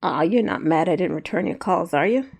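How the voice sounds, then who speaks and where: A woman's voice: on the low side, expressive, brisk, gravelly, darkish tone, slightly rough, exaggerated voice. J R, a woman doing a sly teasing male crook. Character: male criminal, smug and teasing, toothy grin.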